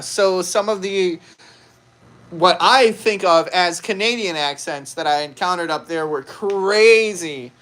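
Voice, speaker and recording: Chatty Chicago guy with a bright voice. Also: high voice. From Chicago, United States. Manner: chatty, laughs often, rambling with restarts. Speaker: live stream seller, host. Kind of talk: casual storytelling on a live stream.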